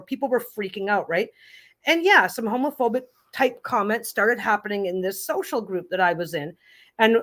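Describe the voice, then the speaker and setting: A woman's voice: fairly high pitch, fairly bright tone. A woman in her fifties, a host, telling stories in a casual chat, blunt and profane, with many restarts. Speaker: podcast host.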